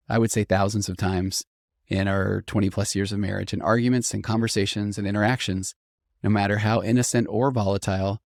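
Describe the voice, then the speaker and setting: A man's voice: on the low side, dry recording, clean studio sound. A middle-aged man hosting a podcast, talking earnestly and thoughtfully as he reads and reflects on listener stories. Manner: earnest, reflective, animated when quoting listeners. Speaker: podcast host, therapist. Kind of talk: conversational podcast monologue reading listener stories.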